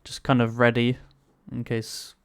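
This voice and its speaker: Male game master, unhurried, smooth clear voice, um-heavy delivery. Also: medium pitch, monotone, no room sound, clean studio sound. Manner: hesitant, many fillers, chuckling. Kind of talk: narrating a tabletop game.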